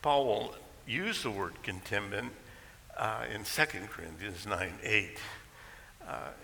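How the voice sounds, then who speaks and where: A pastor preaching a conversational sermon in a church, telling a story with folksy asides. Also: male voice, fairly low pitch, expressive, slow pace, vocal fry, pushed and bright. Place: church sanctuary. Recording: echoey hall with faint hiss.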